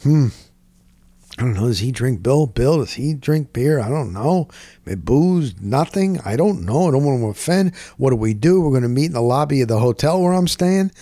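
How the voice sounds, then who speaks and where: A middle-aged man, telling a rambling story in casual chat, dropping "boom" into his sentences. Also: normal speed, no room sound. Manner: animated, punctuates with "boom". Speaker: sports radio co-host.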